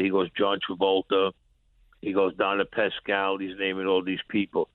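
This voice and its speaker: A man's voice: sits low, steady tone, brisk, no echo. A man telling a story in an interview, acting out both sides of old conversations in blunt, profane street talk. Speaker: guest, former mob enforcer. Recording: tinny phone line.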